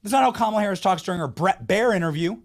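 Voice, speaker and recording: A man's voice: high-pitched, lively intonation, racing. A man hosting a political commentary show, talking in a heated, mocking, emphatic way. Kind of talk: opinionated commentary monologue.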